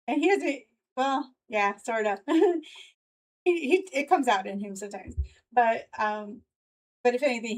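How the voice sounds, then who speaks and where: A woman with a mid-range voice hosts a live news stream, captured on a rough recording. She talks loosely, filling her speech with fillers and laughing often in casual live commentary.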